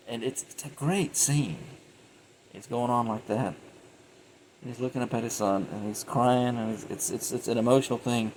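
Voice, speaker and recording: A man's voice: mid-range voice, normal speed, darkish tone, slight background noise, rough recording. A man giving a casual, rambling film review, retelling scenes animatedly and often laughing.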